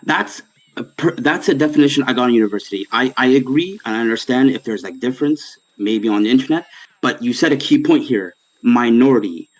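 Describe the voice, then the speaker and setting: Male caller, husky voice, earnest and long-winded, keeps restarting sentences. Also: medium pitch, expressive, brisk, low-quality recording. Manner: talks in earnest, at length, with frequent restarts, then mocks and laughs at the host. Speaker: caller, a viewer arguing on the stream. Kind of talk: heated online debate.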